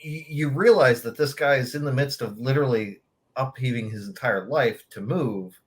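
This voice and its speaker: Podcast co-host, male, mid-pitched, laid-back, chatty. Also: normal speed. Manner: easygoing, agreeable, many fillers like "you know". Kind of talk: casual chat.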